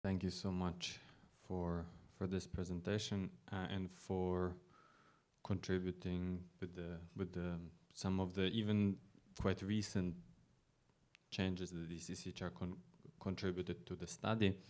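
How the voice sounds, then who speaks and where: A man's voice: low voice, flat delivery, measured pace, darkish tone. A man leading a panel discussion in a gallery, speaking hesitantly and repeating words as he links the talks. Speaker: project lead and panel host. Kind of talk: panel moderation. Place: gallery event hall.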